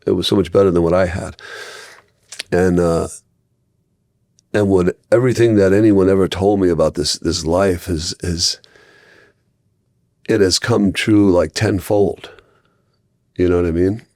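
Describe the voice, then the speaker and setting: Low-voiced man telling stories in a rambling way. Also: a little slow, long pauses, no room sound, clean studio sound. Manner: rambling, with many restarts and animated quoted voices. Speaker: podcast guest in recovery. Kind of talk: casual podcast storytelling.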